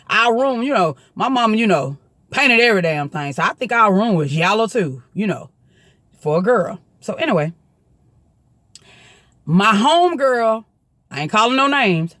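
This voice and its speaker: A woman with a Southern US accent telling a story in a chatty, profane, animated way to the camera. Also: medium pitch, no echo.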